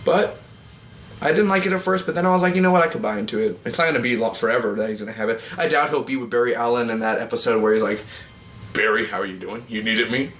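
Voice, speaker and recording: A man giving a casual, rambling vlog review of a TV episode. He often breaks into quick mocking voices for the characters. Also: mid-range voice, fairly bright tone. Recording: echoey room with faint ambient noise.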